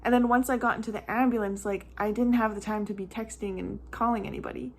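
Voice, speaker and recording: A woman's voice: medium pitch, steady tone, fast, slight background noise. A young woman and mother telling a casual storytime vlog, chatty and rambling with many "like" fillers, close to tears at times.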